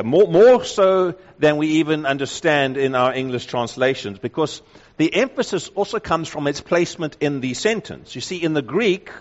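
A man preaching a sermon, reading scripture aloud and slowing down to stress key phrases with emphasis. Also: on the high side. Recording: dull lo-fi sound with long hall reverb.

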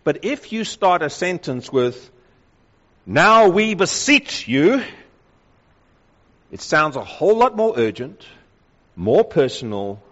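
A man preaching a sermon, reading scripture aloud and slowing down to stress key phrases with emphasis. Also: mid-range voice. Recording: dull lo-fi sound with long hall reverb.

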